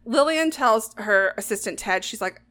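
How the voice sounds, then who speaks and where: A woman's voice: fairly high pitch, animated, moderate pace, bright, forceful tone. A woman hosting a casual podcast, recapping a film and acting out the characters' lines as she goes. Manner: retells scenes by acting out characters' lines, laughs often. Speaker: podcast host. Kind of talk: casual movie recap chat.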